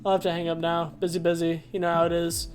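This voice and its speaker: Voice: medium pitch, monotone, fast, soft background music, close to an everyday voice. A streamer voicing a cheerful, chatty man calling on the phone in a game, reading breezily.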